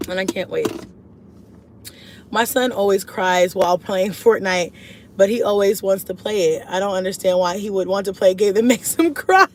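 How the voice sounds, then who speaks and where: A woman at a mid-range pitch chats loosely with her viewers as a mom vlogger, animated and slangy, her voice leaping up whenever something excites her. A faint hiss of noise sits under the talk. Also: normal speed. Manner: animated and chatty, often jumps high in pitch and laughs; slangy, relaxed street talk. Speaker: mom vlogger and channel host. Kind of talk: casual livestream chat reading viewer comments.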